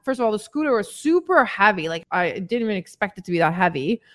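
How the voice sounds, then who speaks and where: Lively, chatty woman fitness coach. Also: medium pitch, fast. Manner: chatty and candid, addresses listeners as ladies, occasional swearing. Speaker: weight-loss fitness coach. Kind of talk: casual motivational podcast monologue.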